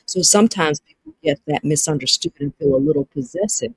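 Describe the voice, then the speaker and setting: A woman's voice: low voice, very animated, fairly quick, vocal fry, husky, dry recording, poor audio. A woman with a Southern US accent hosting a live-streamed dating talk, reading viewer comments aloud and talking to them directly with lots of repetition. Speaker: livestream host.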